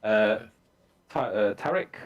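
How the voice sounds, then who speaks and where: A man running a tabletop game, narrating in a fairly low voice. He pauses often and fills the gaps with ums as he describes the scene to his players. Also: muffled recording. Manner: relaxed, halting narration with many fillers. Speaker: game master.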